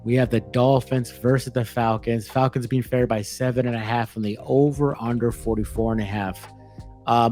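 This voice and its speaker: A man's voice: mid-range voice, darkish tone. A man co-hosting a sports betting podcast, rambling and ranting with many restarts in casual chat. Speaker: podcast co-host.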